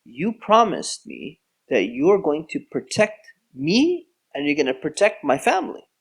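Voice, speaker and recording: A man's voice: high voice, animated, moderate pace, voice pushed up. A man voicing an elderly father and prophet who urgently pleads. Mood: imploring. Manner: urgent, imploring.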